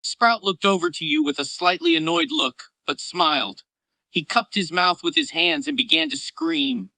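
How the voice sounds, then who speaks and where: A man narrating a fan story in a quick, lively read-aloud manner. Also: high-pitched, gravelly, no echo, rough recording.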